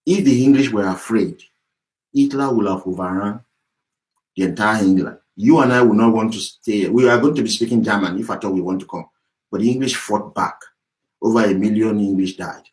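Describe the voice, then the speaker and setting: A man's voice: on the low side, poor audio. A man giving an impassioned political address as an activist, heated, profane and repetitive. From Yorubaland, southwest Nigeria.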